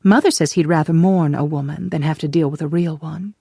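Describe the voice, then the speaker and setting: A narrator voicing a spirited young woman, disguised as a boy, who talks in a quick, teasing and emphatic way. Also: medium pitch, steady tone, vocal fry, mellow, slightly rough, dry recording, studio quality. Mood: earnest.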